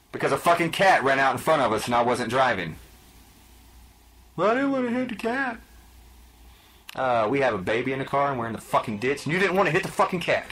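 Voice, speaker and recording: A man's voice: mid-range voice, fairly bright tone. A man hosting a podcast, telling stories in a blunt, profane, exasperated rant. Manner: blunt, swearing, exasperated storytelling. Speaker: podcast host.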